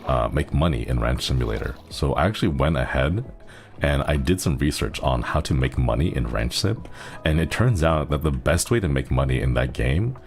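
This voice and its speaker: Very deep gravelly man, easygoing streamer. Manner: rambling, chuckles often, thanks viewers. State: resting a strained throat. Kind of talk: casual gaming stream chat.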